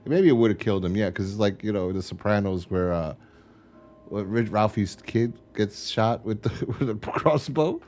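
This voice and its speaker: A man's voice: on the low side, normal speed, a little mellow. A young man co-hosting a podcast, rambling casually, laughing and swearing, acting out quotes from scenes. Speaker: podcast co-host.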